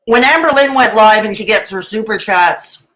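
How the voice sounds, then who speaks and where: A woman's voice: mid-range voice, moderate pace, a bit bright, rough recording. A middle-aged woman doing live reaction commentary, sarcastic and mocking, with dramatic asides and laughs. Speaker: reaction streamer.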